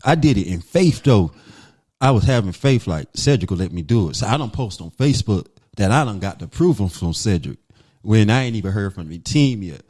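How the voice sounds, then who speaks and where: A man from North Carolina, a comedian guest telling a story in a casual, animated way and acting out what others said. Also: on the low side, fairly quick.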